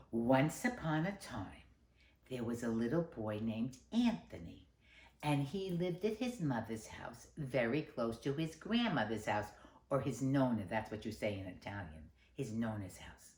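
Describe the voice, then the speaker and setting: A woman's voice: very deep voice, fairly bright tone. A woman storyteller telling a folk tale to a library audience, with chatty asides to the listeners. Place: library event space. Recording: roomy echo.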